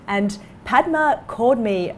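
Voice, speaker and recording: A woman coach telling a client's story and pitching her course with enthusiasm in an online interview. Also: lively intonation, takes it slowly, slight background noise. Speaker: coach for dentists.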